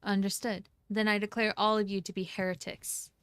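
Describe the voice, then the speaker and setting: A woman's voice: medium pitch, little pitch movement, moderate pace, fairly bright tone, smooth, no room sound, lightly acted. A woman reading the lines of a zealous armored male inquisitor who gives solemn, archaic commands. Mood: stern. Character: stern armored male religious enforcer, zealous.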